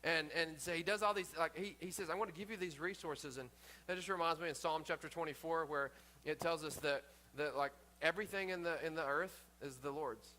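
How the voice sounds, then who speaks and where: A man's voice: fairly high pitch, fairly quick, pushed and bright, slight background noise. A man pastor preaching a sermon in an earnest way, often repeating himself and restarting his sentences.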